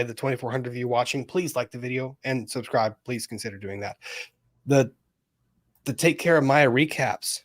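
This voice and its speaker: A man hosting a casual live commentary stream, talking fast and loose, cutting in with questions and addressing his viewers directly. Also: medium pitch. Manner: animated, interrupts, ranty, talks to viewers. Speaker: livestream host.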